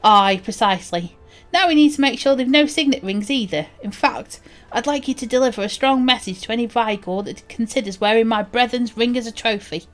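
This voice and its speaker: A woman voicing a vengeful fantasy warrior, with a put-on accent and slow, emphatic delivery. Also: a little high, faint music behind, lightly acted. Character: vengeful stout warrior of a dwarf-like folk.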